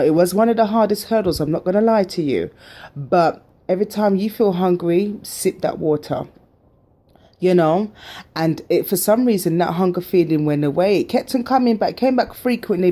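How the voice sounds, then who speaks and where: Woman, British accent, vlogger, low-pitched, warm tone, emphatic and repetitive. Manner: emphatic, repeats phrases for stress. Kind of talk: personal vlog storytelling.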